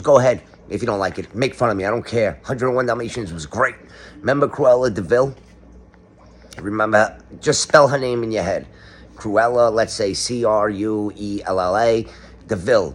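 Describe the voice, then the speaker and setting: Middle-aged guy ranting to camera, sarcastic and jokey, kinda low voice. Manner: sarcastic, ranting, breaks into sung and quoted lines. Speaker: online commentator. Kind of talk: casual comedic monologue to camera.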